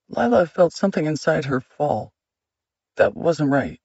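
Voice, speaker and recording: A man narrating an audiobook in a measured, steady reading. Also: a little high, slightly rough, no echo, highs cut off.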